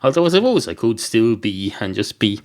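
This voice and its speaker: A man's voice: on the low side, sing-song, fairly quick, darkish tone. A man hosting a podcast, talking in a meandering, dry, sweary comic monologue full of tangents and self-corrections. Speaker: podcast host.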